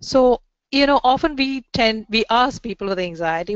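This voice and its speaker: A woman's voice: medium pitch, animated, normal speed, clean tone, no room sound. A female therapist co-presenting a webinar, talking conversationally and often checking in with "right?". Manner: chatty, often checks in with "right?" and "you know". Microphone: video call mic. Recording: dry, dull lo-fi call audio.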